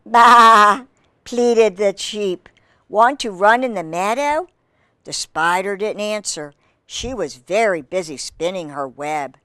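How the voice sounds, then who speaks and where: Lively woman reading a storybook to kids. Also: mid-range voice, no room sound. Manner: chatty asides to young listeners, playful animal sounds. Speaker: children's storyteller. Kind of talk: reading a picture book aloud to children.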